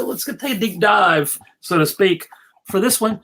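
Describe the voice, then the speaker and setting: A man hosting a casual livestream chat, halting with many restarts and laughs. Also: high voice, a bit bright. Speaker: podcast host.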